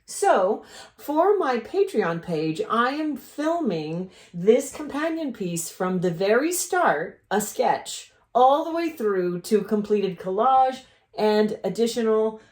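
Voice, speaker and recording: A woman's voice: fairly high pitch, big pitch swings, slow pace, darkish tone, roomy sound. A woman artist hosting a casual studio tutorial, chatting her way through her process with rambling asides. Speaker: collage artist and channel host. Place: art studio.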